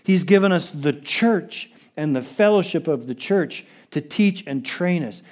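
A man's voice: on the high side, animated, unhurried, darkish tone. A pastor preaching a sermon, emphatic and repeating phrases for stress while he speaks straight to his congregation.

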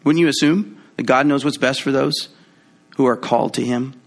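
A man preaching a sermon in a conversational, playful way, acting out quoted voices with big jumps in pitch. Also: fairly even intonation, moderate pace, vocal fry. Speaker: pastor.

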